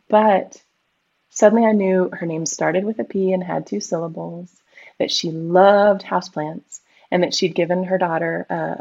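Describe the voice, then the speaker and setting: A middle-aged woman tells a personal story with animated, expressive delivery. Her voice has a gravelly, fry-tinged edge. The audio sounds slightly dull and lo-fi. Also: lowish voice. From United States. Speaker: guest medium and Reiki practitioner. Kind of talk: casual storytelling conversation.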